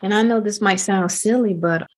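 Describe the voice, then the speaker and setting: A woman co-hosts a podcast in relaxed casual chat, her voice at a middle pitch for a woman. She affirms her partner often with short agreeing words. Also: moderate pace. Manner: warm, affirming, with frequent "that's right" and "mm-hmm". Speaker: podcast co-host.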